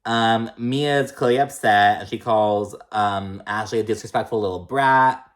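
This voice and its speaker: A man's voice: fairly low pitch, measured pace. A man casually recapping a reality TV episode in a gossipy, profane way, with lots of fillers.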